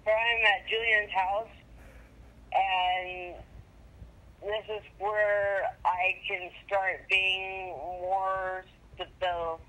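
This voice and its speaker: A woman's voice: medium pitch, level tone, drawn-out words, sharp tone. A young woman on a phone call, rambling and scattered, swearing and apologizing as she talks. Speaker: caller.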